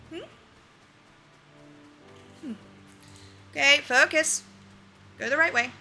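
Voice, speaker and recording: A woman's voice: sits high, slow pace, pauses often, pushed and bright. A young adult woman streaming a video game, chatting casually with her viewers, laughing often and swearing freely. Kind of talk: casual gaming livestream chat. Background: faint game music.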